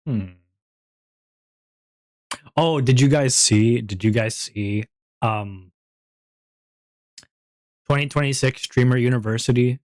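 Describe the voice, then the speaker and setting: A man streaming and chatting casually, rambling and breaking into high-pitched giggles. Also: slow, pauses often, a little mellow, no echo, clean studio sound. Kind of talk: casual chat.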